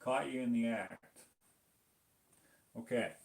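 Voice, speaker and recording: A man's voice: mid-range voice, slow pace, creaky. A man from Canada painting on a live stream, reading viewer comments aloud and chatting in a rambling, easygoing way that keeps interrupting itself.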